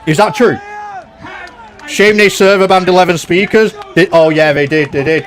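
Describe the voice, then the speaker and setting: A man's voice: high-pitched, moderate pace, a faint crowd. A young man live-streaming from home, chatting loosely and reading out viewer comments. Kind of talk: casual live-stream chat.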